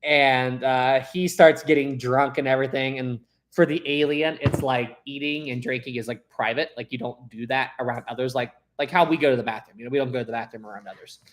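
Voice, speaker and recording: A man's voice: medium pitch, steady tone, fairly quick. Chatty man hosting a live stream. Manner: chatty, rambling, laughs easily. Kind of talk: casual live chat with viewers.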